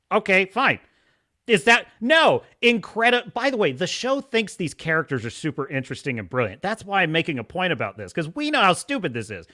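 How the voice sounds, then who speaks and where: Male podcast host, casual commentary, high-pitched with a bright edge, sarcastic and exasperated. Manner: acts out quoted dialogue in put-on voices. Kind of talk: casual commentary recapping a show.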